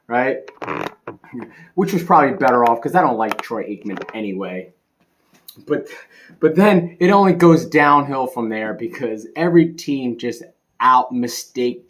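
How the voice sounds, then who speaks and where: A man in a casual, rambling rant about a bad game, sarcastic and laughing, swinging between loud outbursts and muttering. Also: medium pitch, unhurried. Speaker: sports commentary vlogger.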